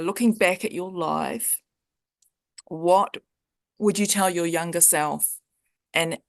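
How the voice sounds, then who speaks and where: A New woman hosts the interview in a supportive, affirming way and laughs easily. Her voice sits low for a woman. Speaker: interview host. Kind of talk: warm interview conversation.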